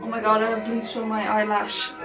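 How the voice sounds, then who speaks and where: A woman's voice: on the high side, completely flat delivery, brisk. A young woman vlogging casually at home late at night, swearing constantly in a frustrated, self-mocking way. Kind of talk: casual talk to camera. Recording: distant mic with music behind.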